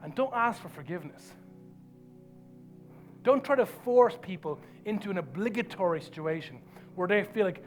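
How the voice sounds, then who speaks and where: A man preaching a sermon as pastor, emphatic and earnest, dropping to soft low lines for effect. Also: very animated, moderate pace, soft background music.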